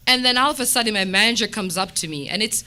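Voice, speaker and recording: A woman sharing a testimony at a church meeting, telling stories with lively quoted dialogue. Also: a little high, fast. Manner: animated storytelling with quoted dialogue.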